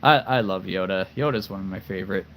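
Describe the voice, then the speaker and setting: A man's voice: low-pitched, fast talker, fairly bright tone, a little hiss or hum. A man chatting casually to camera about the voices he can do, playful, rambling and self-deprecating. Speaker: voice performer showing off voices.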